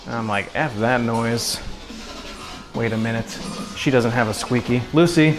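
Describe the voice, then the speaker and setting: Music plays under this man's mid-range voice as he talks a little fast, and the audio is poor. Cooking in his home kitchen on a livestream, he keeps up casual, upbeat, slangy chatter with viewers and pokes fun at himself.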